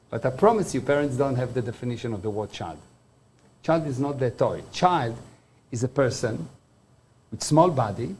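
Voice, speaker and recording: Mellow-voiced man giving a motivational talk. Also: mid-range voice, a little hiss or hum. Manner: explains terms by defining them, with everyday examples. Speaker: motivational speaker.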